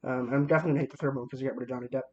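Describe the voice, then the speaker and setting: A man's voice: medium pitch, fairly even intonation, racing, muffled recording. A young man giving a casual movie review, enthusiastic and rambling, with many fillers and restarts.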